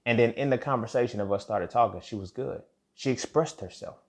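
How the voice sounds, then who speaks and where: A man's voice: mid-range voice, fairly quick, a little mellow. A young man hosting a podcast, talking in a loose, casual monologue full of restarts and asides. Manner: conversational, repeats "you feel me", frequent restarts. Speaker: podcast host.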